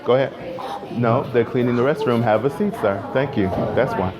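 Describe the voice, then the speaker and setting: A man teaching a music class, keeping students on task with firm, brisk directions and some playful teasing. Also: mid-range voice. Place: school classroom. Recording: noisy classroom with students chattering.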